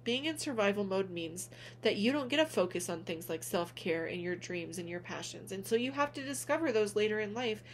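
A woman speaking gently and earnestly to her viewers in a heartfelt vlog, calling them honey as she encourages them. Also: mid-range voice, lively intonation, fairly quick, hardly any pauses, a little hiss or hum. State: tearful at moments. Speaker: spiritual vlogger, reader. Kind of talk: heartfelt direct-to-camera vlog.

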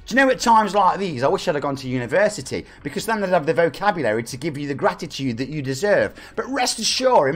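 Lively hyped English streamer man. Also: fairly high pitch. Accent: East Midlands English. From England. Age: 40s. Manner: hyped, chatty, thanks viewers at length. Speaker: game streamer host. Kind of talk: live stream chat reading donations. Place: home room.

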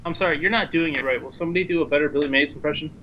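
A man in casual group chat during a card game, teasing his friends with quick quips. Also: a little high, muffled recording, slight background noise. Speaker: player in a party card game.

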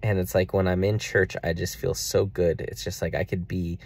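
A man's voice: deep voice, flat delivery, normal speed, vocal fry, darkish tone. A young man talking earnestly and at length in a personal video diary about faith and money. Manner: earnest, rambling, faith-filled reflection. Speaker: vlogger.

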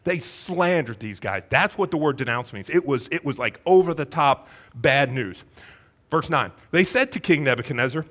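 Animated preacher with lively pitch. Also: male voice, normal speed. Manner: animated storytelling, acts out Bible characters' voices; conversational, rhetorical questions to the congregation. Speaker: pastor. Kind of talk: sermon.

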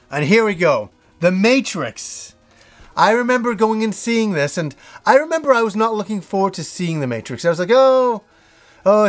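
A middle-aged man hosts a casual show, gushing over films he loves. His voice sits high, and he rambles with eager restarts and the occasional swear word. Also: a bit bright. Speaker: host. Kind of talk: casual movie list talk.

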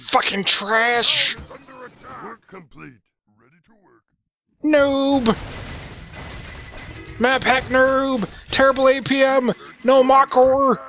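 Man putting on a shrill furious gamer. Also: sharp tone, heavily acted. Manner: shrill, hurling insults. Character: furious ranting male online gamer, insulting.

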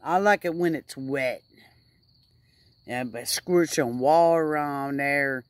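A woman's voice: extremely low pitch, slow, dry recording. A woman rambling casually to her camera outdoors by a fire, stretching out her words for emphasis. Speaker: vlogger.

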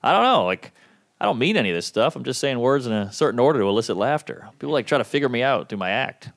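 A man in his thirties doing a stand-up comedy set, delivering deadpan one-liners and quick acted-out quotes. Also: mid-range voice, gravelly. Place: comedy club stage. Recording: live club recording with crowd noise. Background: audience laughing.

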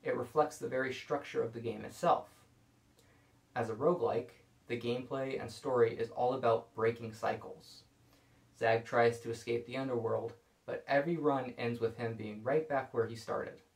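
A man calmly explaining violin bowing technique in a scripted video lesson. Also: medium pitch, normal speed, vocal fry. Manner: calm, explanatory. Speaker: violin teacher. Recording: echoey room.

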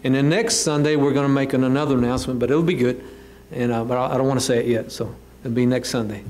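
A man's voice: medium pitch, fairly even intonation, fast talker, darkish tone. A man with a Texan accent giving rambling, folksy church announcements as an elder.

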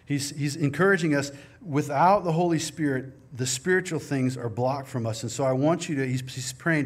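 This middle-aged pastor's voice sits on the high side, and he moves at a moderate pace with hardly any pauses. Preaching in the church sanctuary, he stays earnest and conversational, weaving personal anecdotes between passages of scripture.

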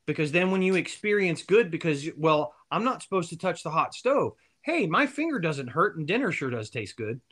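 A man guest telling long, animated stories and laughing at his own jokes. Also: fairly high pitch, moderate pace, hardly any pauses. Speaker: guest, band member. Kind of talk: storytelling interview answer.

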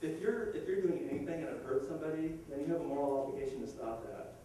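A man arguing the atheist side in a live debate, quick and insistent, often restarting his sentences. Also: on the high side, warm tone, a little hiss or hum. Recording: echoey room, far from the mic.

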